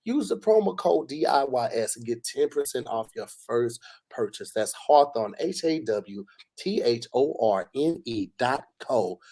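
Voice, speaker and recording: A man co-hosting a casual podcast, reading a sponsor ad and chatting, hyping with slang and rising shouts. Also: medium pitch, animated, measured pace. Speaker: podcast co-host. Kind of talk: casual podcast ad read and chat.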